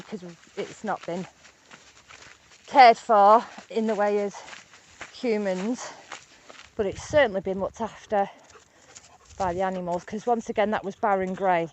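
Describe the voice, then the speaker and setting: Vlogger: woman, mid pitch, rambling and excitable, walking outdoors with a handheld camera, faint noise behind. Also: normal speed, pauses often. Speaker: nature vlogger. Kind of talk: casual walking vlog. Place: outdoors on a rural hillside.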